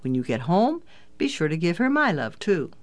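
An audiobook narrator voicing a kind, teasing father who sounds calm and fatherly. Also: mid-range voice, moderate pace, lightly acted. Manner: calm, fatherly, gently joking. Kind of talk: audiobook character voice.

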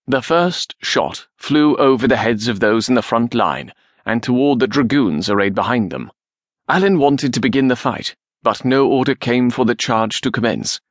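A male audiobook narrator reads a historical novel at a measured, steady pace, with a mid-range pitch. The recording is close and dry, with no room sound. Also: no echo.

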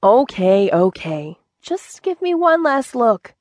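A woman's voice: on the high side, very animated, slow pace, a little mellow, dry recording, heavily acted. A woman voicing a proud, boastful gray tomcat who has just become a father, in a children's audiobook. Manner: cheerful and boastful.

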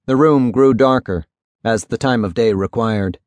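A man narrating a literary novel in a measured, even storytelling voice. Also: mid-range voice, no room sound, studio quality. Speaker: audiobook narrator.

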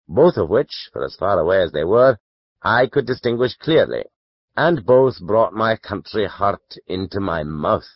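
Lively low-voiced male audiobook narrator. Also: no room sound, dull audio. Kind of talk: scripted narration of a classic novel.

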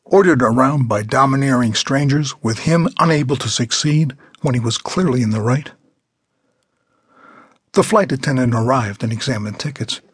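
Husky-voiced man reading an audiobook. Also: medium pitch, moderate pace, no room sound, clean studio sound. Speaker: author narrating his own novel. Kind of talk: scripted audiobook narration.

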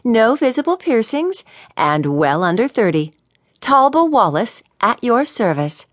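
Give me a brash young hotshot woman, voiced by a female narrator, lively and dry. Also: fairly high pitch, unhurried, no room sound, voice pushed up. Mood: confident. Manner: brash, confident. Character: bold, cocky young woman computer whiz.

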